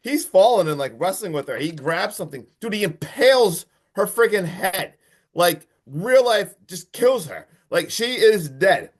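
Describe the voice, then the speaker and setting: A young man co-hosting a podcast, retelling a horror film in a casual, animated way full of "like"s and disbelief. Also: high voice, unhurried. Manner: animated, disbelieving storytelling with many "like"s. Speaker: podcast co-host. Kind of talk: casual movie recap.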